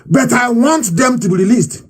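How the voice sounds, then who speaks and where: Fiery husky Nigerian man, wide swings. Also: extremely high pitch, expressive, moderate pace. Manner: fiery, defiant, repeats phrases for emphasis, shouts. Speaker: political movement leader giving a live address. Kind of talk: impassioned political broadcast speech.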